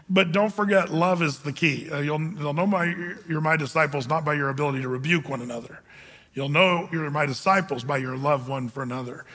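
A man preaching a sermon in a high, bright voice that carries a long hall reverb. He is animated and emphatic, acting out little scenes for his listeners. His speech is loose, full of fillers and restarts. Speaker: pastor.

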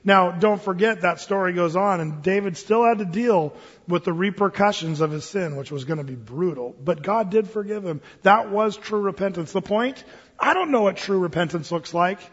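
A man's voice: high-pitched, moderate pace, slightly rough, muffled recording. A man preaching a sermon in a conversational storytelling manner, with restarts and asides, in a church hall. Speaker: pastor.

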